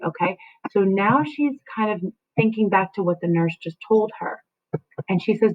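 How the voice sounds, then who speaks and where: A woman's voice: mid-range voice, normal speed. A woman teacher explaining a play to her class, checking in often with "right?" and "okay?". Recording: tinny phone-like sound.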